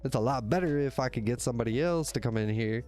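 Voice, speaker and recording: A man's voice: mid-range voice, fast, a little mellow, soft background music. A man hosting his own livestream show, talking casually to viewers, rambling and correcting himself, with plenty of cursing. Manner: rambling, self-correcting, cursing, laughs often. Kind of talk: casual solo livestream talk. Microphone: desk microphone.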